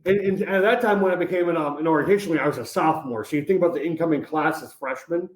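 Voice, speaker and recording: A man chatting as a podcast guest, telling stories in an energetic, upbeat way with lots of fillers. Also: on the high side, racing. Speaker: podcast guest, college advisor. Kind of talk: casual interview chat. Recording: roomy echoey sound.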